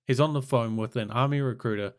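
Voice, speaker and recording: A man narrating a crude comic story in terse, deadpan, clipped fragments, reading from a script. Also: mid-range voice, fast talker.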